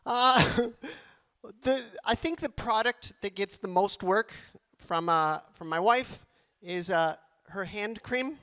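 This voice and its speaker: A man doing a stand-up comedy set on a club stage, animated and rattling off long lists quickly. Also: high-pitched, clean tone.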